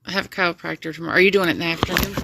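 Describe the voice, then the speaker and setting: A woman's voice: on the low side, fairly even intonation, very fast, gravelly, background noise. A woman co-hosting a live stream in easygoing, reassuring casual chat. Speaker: stream co-host and moderator.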